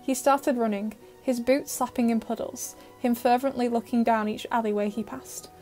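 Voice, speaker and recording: A woman narrating an audio fan-fiction story with steady, emotive storytelling. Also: fairly high pitch, moderate pace, soft background music.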